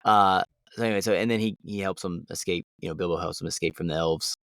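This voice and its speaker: A man's voice: deep voice, quick pace, a bit bright, clear, resonant tone. A man co-hosting a podcast, chatting casually about books and rambling as he goes. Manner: rambling, trailing off. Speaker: podcast co-host. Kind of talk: casual book discussion.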